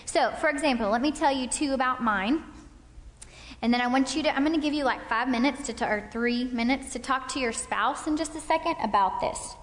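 Speaking at a couples' talk, a woman in her thirties shares personal anecdotes warmly, often checking in with the audience by asking "okay?" Her voice is high and fairly quick, and the recording carries a long hall reverb.

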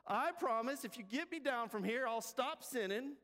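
A man voicing a panicked man dangling from a cliff edge, yelling frantically for help in a sermon illustration. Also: very high-pitched, lively intonation, normal speed, big-room sound, voice pushed up, heavily acted. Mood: pleading.

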